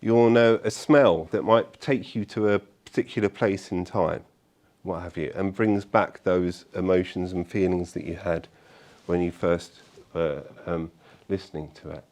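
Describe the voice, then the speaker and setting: A man speaking to an audience at a meetup, telling stories in a chatty, animated way with fillers and frequent tag questions. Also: low voice, measured pace. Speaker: conference speaker. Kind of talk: live talk to an audience. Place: meetup event room.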